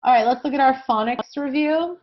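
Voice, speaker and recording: A woman teaching a kindergarten lesson, slow and encouraging, often checking in with "okay?". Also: high-pitched, highs cut off. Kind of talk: recorded classroom lesson for young children.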